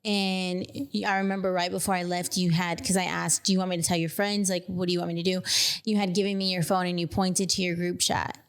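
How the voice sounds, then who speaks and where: A woman's voice: fairly low pitch, flat delivery, a little fast, clean tone. A young woman from Texas with a Texan accent, telling a personal story as a podcast guest, emotional and full of fillers. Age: young adult. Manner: emotional retelling, many fillers. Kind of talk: casual storytelling.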